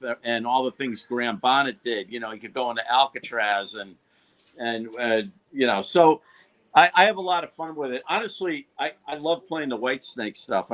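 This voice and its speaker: A man's voice: mid-range voice, fairly bright tone. A man guesting on a rock interview, explaining things in an eager, chatty way with many restarts. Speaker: guitarist guest. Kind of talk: casual interview chat.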